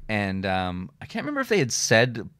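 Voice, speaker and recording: A man's voice: lowish voice, wildly swooping pitch, fairly quick, fairly bright tone, smooth, no echo, studio quality. A middle-aged man, a comedian and radio host, telling rambling stories with lots of filler words and some swearing in a casual interview.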